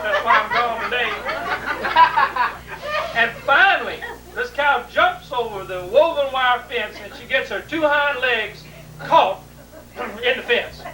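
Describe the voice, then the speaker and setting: A woman spins a comic yarn for a live crowd, stretching out every step of the tale in a folksy, unhurried way. She sounds set back from the microphone in a roomy space, with a noisy hiss over an old 1980s video recording. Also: a little high, far from the mic. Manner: folksy, drawn-out, vivid retelling. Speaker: storyteller. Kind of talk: live humorous storytelling.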